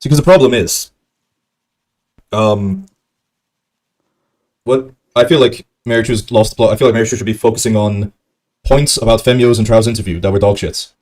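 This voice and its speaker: A man's voice: fairly low pitch, moderate pace, pauses often, darkish tone. A man streaming commentary on a debate clip, rambling with lots of ums and chuckling at his own jokes. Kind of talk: casual commentary.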